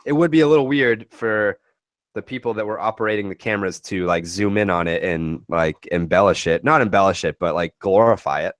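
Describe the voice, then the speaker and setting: A man co-hosting a podcast in casual chat, talking haltingly with frequent restarts. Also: fairly low pitch, no room sound. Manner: halting, restarts often, laughs while joking. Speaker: podcast co-host.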